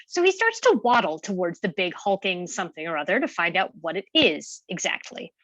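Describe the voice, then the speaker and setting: A woman reading a comic monologue aloud in an animated, playful storytelling manner. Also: on the low side, a little fast, dry recording. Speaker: play reader.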